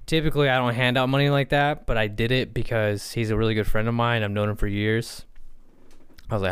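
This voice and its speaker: A man's voice: mid-range voice, flat delivery, fairly quick, clear, resonant tone. A young man co-hosting a podcast in casual chat, telling stories with quoted dialogue and a lot of swearing. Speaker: podcast co-host.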